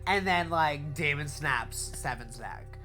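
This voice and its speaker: A young woman giving a casual TV episode recap, talking fast and slangy, swearing freely and saying "like" a lot. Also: sits low, expressive, sharp tone, soft background music. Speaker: TV recap vlogger.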